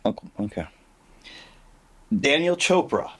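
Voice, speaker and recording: A man's voice: mid-range voice, big pitch swings, unhurried, fairly bright tone, husky. A man hosting a casual podcast, prompting and teasing his co-host with short interjections.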